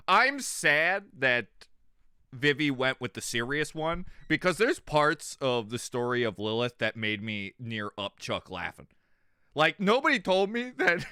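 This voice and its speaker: A male streamer rambles through a casual livestream, animated and quick to laugh, dropping swear words as he goes. His voice is bright and clear, and it swings widely in pitch. The sound is close and dry. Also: no room sound.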